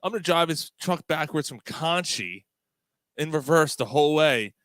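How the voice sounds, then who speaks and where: A man doing a cocky, belligerent truck driver on a prank call. He is boastful and spoiling for a fight, with the voice pushed well up in pitch. The room is dry and close. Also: expressive, moderate pace, fairly bright tone, no room sound. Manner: boastful, combative.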